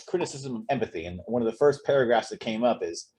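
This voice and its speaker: A man's voice: medium pitch, lively intonation, quick pace, darkish tone, breathy edge. A man co-hosting a casual podcast, ranting bluntly and swearing freely. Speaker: podcast co-host. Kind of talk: casual chat.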